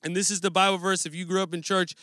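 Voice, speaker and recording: A man's voice: sits high, flat delivery, fast, sharp tone, no room sound, studio quality. A man preaching a sermon in a conversational, earnest way, often restarting his phrases. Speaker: pastor.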